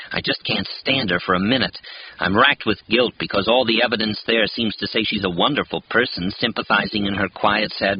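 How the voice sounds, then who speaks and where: Low-voiced male audiobook narrator. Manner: measured, expressive reading. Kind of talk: first-person novel narration. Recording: dull, lo-fi with faint hiss.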